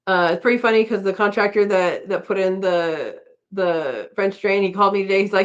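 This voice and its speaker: A woman's voice: mid-range voice, brisk, clear, resonant tone. A middle-aged woman hosting a casual live-stream chat, rambling and laughing often as she reads out comments. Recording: dull lo-fi stream audio.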